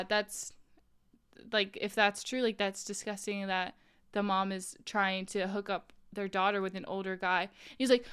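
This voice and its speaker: A woman's voice: medium pitch, fairly bright tone, clear, resonant tone. A woman streamer chatting casually with viewers while crocheting, talking in an incredulous way, laughing often and filling her talk with "like".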